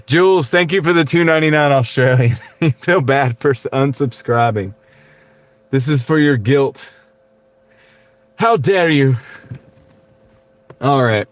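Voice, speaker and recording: A man's voice: mid-range voice, moderate pace, dry recording. Chatty Texan man streaming from his car. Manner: chatty, laughs often, reads out viewer comments. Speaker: livestreaming delivery driver. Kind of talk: casual livestream chat. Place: car, while driving. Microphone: wireless clip-on mic.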